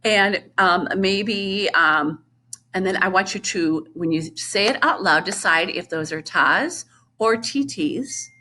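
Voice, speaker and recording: A middle-aged woman music teacher giving a distance-learning lesson to young children, chanting rhythms and talking slowly and patiently. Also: mid-range voice, pushed and bright. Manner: slow, patient, sing-song rhythm chanting.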